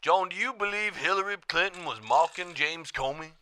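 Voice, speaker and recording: A man playing a gruff, conspiratorial caller on a radio talk show. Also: high voice, normal speed, pushed and bright, slight background noise.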